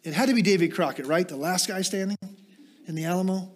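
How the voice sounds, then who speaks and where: A male pastor with a high voice talks fast through his sermon. He poses rhetorical questions, then shifts into quiet, explanatory teaching sprinkled with small self-deprecating asides.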